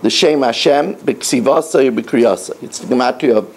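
A middle-aged man, a rabbi, giving an animated sermon to schoolboys, telling stories and repeating his points emphatically. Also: mid-range voice, normal speed. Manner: animated storytelling, emphatic repetition.

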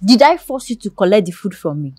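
An actress with a Nigerian accent playing a scheming, sharp-tongued woman who mocks a servant. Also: medium pitch, sing-song, brisk, no echo, studio quality. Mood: mocking. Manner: sarcastic, mocking. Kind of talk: film acting.

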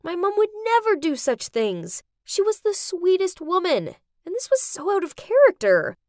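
A young woman narrating an animated story in the first person, dramatic and expressive. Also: very high voice, moderate pace, no echo, clean studio sound.

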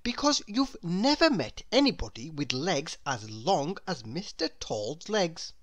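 A woman reading a children's picture book aloud in a slow, expressive, sing-song storytelling voice. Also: low-pitched, no room sound. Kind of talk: children's read-aloud narration.

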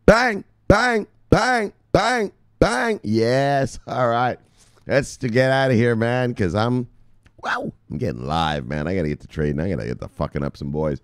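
Middle-aged man, low voice, hyped vlogger, swings up and down a lot, profane. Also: normal speed, smooth, no echo, studio quality. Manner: excitable, profane, shouting "bang" at viewers. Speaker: crypto news vlogger. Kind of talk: casual hyped-up commentary.

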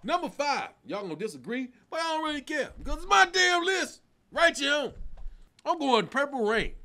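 A middle-aged man, a comedian, counting down songs in a casual, animated way, swearing, laughing and breaking into snatches of song. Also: very high-pitched, a little fast. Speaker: comedian host.

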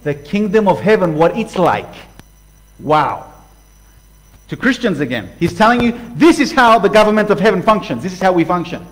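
A man preaching a sermon passionately, swinging from loud outbursts to hushed lines and acting out voices. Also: sits high, expressive, normal speed, poor audio. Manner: acts out voices for illustration. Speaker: pastor.

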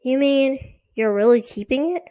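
A woman's voice: high voice, measured pace, mellow, pitched above the performer's own voice. A woman voicing an impatient young girl in a storybook reading, speaking in a snappish, skeptical way.

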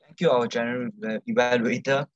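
A man delivers a grammarian report at a speaking club in a matter-of-fact way. His voice is mid-pitched, and the sound is dry and close. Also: steady tone, quick pace, no echo, lo-fi sound. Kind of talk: meeting report.

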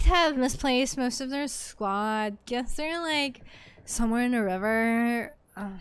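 A woman's voice: sits high, clean tone. A woman voicing a dismissive young woman guard captain in a game, with a valley girl drawl and lots of "like". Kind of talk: reading game dialogue aloud in character.

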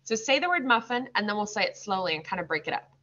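A woman teaching second graders, sounding out words slowly and patiently. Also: mid-range voice, expressive, sharp tone. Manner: slow, drawn-out modeling of words. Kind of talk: recorded classroom lesson. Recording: slightly dull lo-fi recording.

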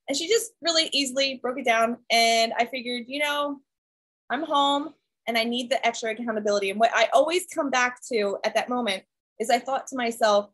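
A high-voiced woman in her thirties leads her team's kickoff call over video. She talks in a chatty, animated way, tossing in "right?" and "like" as she tells her story. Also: fairly quick, rough recording. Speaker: fitness coach leading a team call. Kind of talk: casual presentation to her team.

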